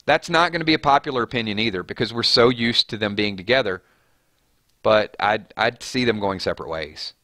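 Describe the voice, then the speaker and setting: A man with a fairly low voice speaks briskly in a clean studio recording with no echo. Hosting a casual live stream, he chats loosely and reads out viewer comments in an animated way, his voice jumping up on names and questions.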